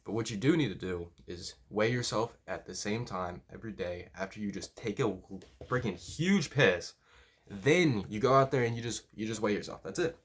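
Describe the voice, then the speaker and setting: A man's voice: on the low side, fairly quick, hardly any pauses. A man giving casual, blunt, profanity-laced lifting and diet advice as a powerlifting coach. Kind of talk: casual talking-head advice.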